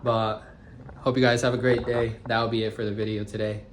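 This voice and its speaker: A young man in his twenties, a tattoo shop owner, telling stories to camera in a slangy, animated, casual way. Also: fairly low pitch, brisk, slight background noise. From United States. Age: 20s. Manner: slangy and animated, says bro and guys a lot. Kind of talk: casual storytelling vlog.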